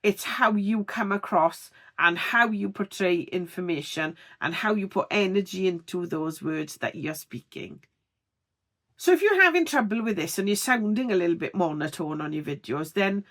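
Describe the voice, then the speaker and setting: A woman giving a tutorial vlog on speaking clearly, expressive and deliberately over-articulating her words. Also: mid-range voice. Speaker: video creator teaching on-camera speaking.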